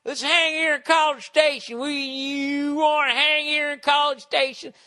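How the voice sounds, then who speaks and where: A man's voice: very high voice, flat delivery, unhurried, sharp tone, voice pushed up, heavily acted. A man voicing a pushy, obnoxious drunk man of about thirty. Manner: rowdy, leering and pushy.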